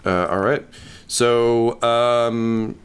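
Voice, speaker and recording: A man narrating a tabletop game as game master, relaxed and full of ums. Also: medium pitch, extremely slow, smooth. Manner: relaxed, many ums and uhs.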